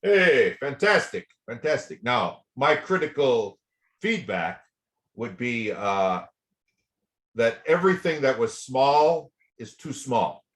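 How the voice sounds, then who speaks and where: A man's voice: medium pitch, big pitch swings, takes it slowly. A man teaching a voice lesson, giving chatty feedback full of repeated words and small sung and spoken demonstrations. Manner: chatty, repeats words, demonstrates by singing and speaking softly and loudly. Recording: roomy echo.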